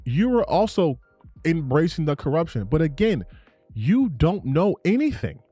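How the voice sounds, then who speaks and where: A man's voice: fairly high pitch, sing-song, normal speed, warm tone, husky, no room sound, soft background music. A man giving heated, profane reaction commentary on gaming news, ranting and repeating himself for emphasis.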